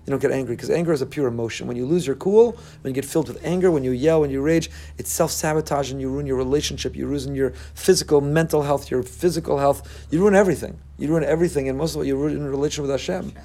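A man preaching a sermon, animated, breaking into loud, high bursts when he acts out what people say. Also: fast talker, hardly any pauses. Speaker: rabbi.

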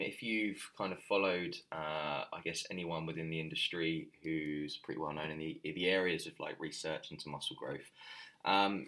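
A man with a deep voice explains training in relaxed podcast talk. He rambles a little, full of ums and self-corrections, like a coach thinking aloud. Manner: loose and conversational, many fillers and restarts. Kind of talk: casual podcast chat.

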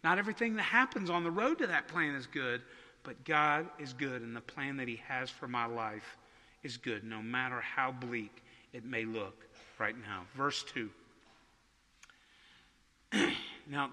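A man preaching in a church sanctuary, his high, very bright voice carrying a long hall reverb. He talks conversationally and slows down to stress key words. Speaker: pastor. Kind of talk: sermon.

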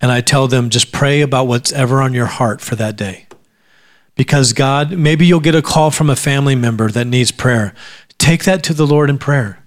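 At a church service, a pastor with a medium-pitched voice delivers a sermon at normal speed. He keeps it conversational, tends to repeat words as he begins sentences, and adds dry, sarcastic remarks.

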